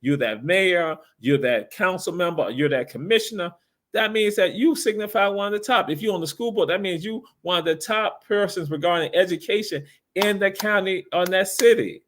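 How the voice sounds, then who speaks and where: A man hosting a casual live-stream talk show, animated and preachy, repeating his words. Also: sits high, moderate pace.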